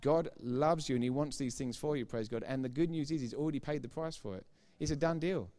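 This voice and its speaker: A man's voice: medium pitch, fast, mellow. A middle-aged man preaching a sermon, emphatic and informal, repeating key phrases for effect and throwing chatty asides to the congregation. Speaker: pastor.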